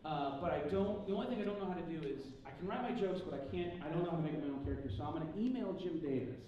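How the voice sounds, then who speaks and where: A man's voice: fairly high pitch, animated, rapid-fire, lo-fi sound, crowd noise. A man telling comic stories to a live audience at a convention panel, mocking himself and acting out quoted dialogue. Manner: joking, self-mocking, acts out quoted dialogue. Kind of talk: comedic storytelling to a live audience. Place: large convention panel hall. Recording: echoey hall from far off, noisy.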